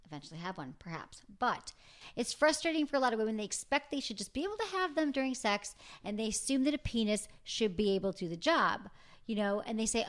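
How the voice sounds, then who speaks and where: A woman hosting a casual, frank chat, talking freely and laughing easily. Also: medium pitch. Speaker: host.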